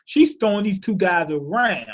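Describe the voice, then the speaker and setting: Male reviewer, high-pitched voice, offhand profane recap, slangy and rambling. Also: moderate pace. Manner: loose and profane, heavy on slang and fillers; animated, thinks aloud with rhetorical questions. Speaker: cartoon episode reviewer. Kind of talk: casual spoken recap.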